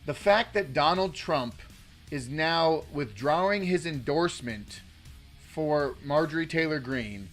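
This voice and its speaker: A man's voice: on the high side, expressive, unhurried, fairly bright tone, faint music behind. A man hosting a casual political live stream, rambling and chatting with viewers in the chat. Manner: rambling, lots of fillers and restarts, chatty with viewers. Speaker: political livestream host.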